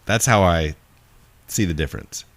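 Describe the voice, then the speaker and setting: Low-voiced man chatting on a podcast. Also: lively intonation, normal speed, dry recording. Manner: jokey, rambling, laughs often. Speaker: podcast co-host. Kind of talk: casual chat.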